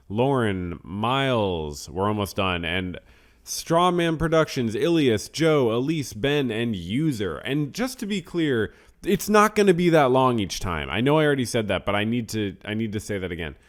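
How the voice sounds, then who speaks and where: Rambling low-voiced man hosting a podcast. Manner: rambling and self-deprecating, trailing off to mutters. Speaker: podcast host. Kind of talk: casual podcast talk, reading names and news.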